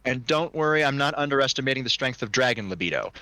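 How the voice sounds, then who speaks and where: Male game master, bright voice, casual and crude, dry close sound. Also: medium pitch, animated, quick pace, no room sound. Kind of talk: narrating a tabletop role-play game.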